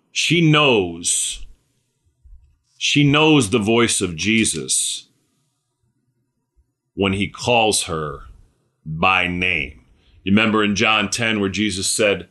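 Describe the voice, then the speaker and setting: A man's voice: fairly low pitch, animated, a bit bright. A man preaching a sermon in a conversational way, often checking in with "right?" and "okay?" and sometimes restarting his sentences. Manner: halting, with restarts and fillers. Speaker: pastor.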